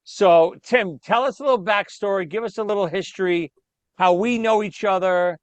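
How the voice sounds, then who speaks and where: A man hosts a podcast in casual chat, nudging his guest to talk and cracking teasing jokes. His voice sits a little high for a man. The sound is dry and close. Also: moderate pace, clear, resonant tone, no room sound. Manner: joking, teasing interviewer. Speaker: podcast host.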